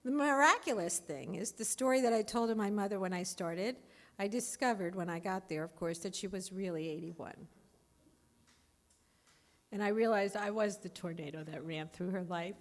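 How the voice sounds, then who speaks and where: A woman in her fifties giving a candid, animated personal talk as a speaker at a recovery meeting. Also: mid-range voice, normal speed. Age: 50s.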